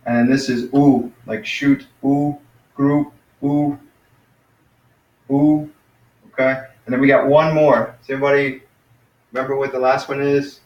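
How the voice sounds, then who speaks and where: A man teaching an online class in an informal way, thinking aloud and sounding out vowels slowly. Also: medium pitch, level tone, darkish tone. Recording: distant, dull, roomy screencast audio.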